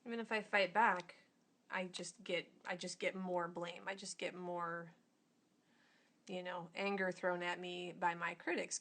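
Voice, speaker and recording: Lady talking thru her drawing, loose and rambly, bit of vocal fry. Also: on the low side, fairly bright tone. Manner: informal, rambling, with many fillers. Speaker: illustrator and author. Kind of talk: casual explanation while drawing.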